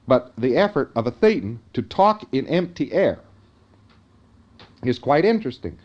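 A man's voice: a little high, a little mellow, dull audio. A man giving an informal lecture in a conversational way, often checking in with his listeners.

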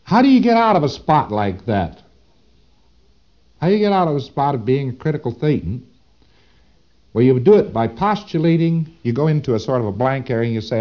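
A man's voice: mid-range voice, very animated, a little fast, long pauses, lo-fi sound. A man giving a lecture, speaking dramatically with rhetorical questions and acting out his examples. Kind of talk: recorded lecture.

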